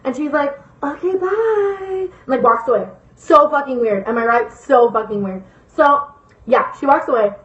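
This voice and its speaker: A woman's voice: on the high side, normal speed, muffled recording. Rambling, swearing young woman in echoey room. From Las Vegas, USA. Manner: rambling, swears a lot, repeats herself for emphasis. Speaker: vlogger. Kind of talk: casual storytime.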